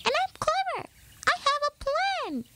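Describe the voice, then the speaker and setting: A woman's voice: very high-pitched, sing-song, unhurried, heavy background noise, pitched above the performer's own voice, full character voice. A woman voicing Pip, the youngest and smallest mouse, a young male who is eager and determined.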